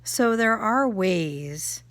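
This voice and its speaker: A mother chatting casually about spiritual energy, telling family stories with animated laughter. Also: medium pitch, drawn-out words, no room sound. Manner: animated storytelling, laughs often. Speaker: vlogger, mother. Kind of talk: casual chat, spiritual reflection.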